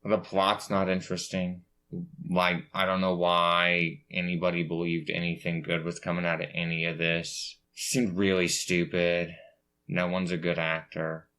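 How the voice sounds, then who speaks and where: Deep-voiced blunt opinionated man. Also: completely flat delivery, normal speed, pushed and bright, clean tone. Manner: blunt, opinionated, jokingly sure of himself. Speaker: podcast co-host. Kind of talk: casual movie review chat.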